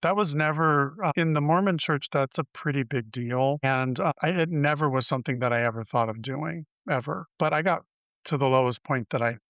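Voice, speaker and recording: A man in his fifties telling his personal story as an interview guest. He speaks candidly and haltingly, often restarting his sentences. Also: on the high side, a bit bright, no room sound. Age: 50s.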